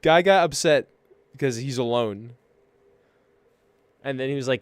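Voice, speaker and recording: A man chatting casually as host, rambling and swearing as he muses, drifting between mumbles and loud rants. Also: medium pitch, unhurried, smooth, no echo. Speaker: streamer host. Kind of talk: casual stoned-sounding philosophical chat.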